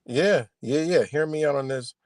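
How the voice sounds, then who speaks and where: A man's voice: a little high, moderate pace, a little mellow, dry recording. Profane, heated man ranting live. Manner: profane, confrontational, repetitive. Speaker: livestream host. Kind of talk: heated livestream rant.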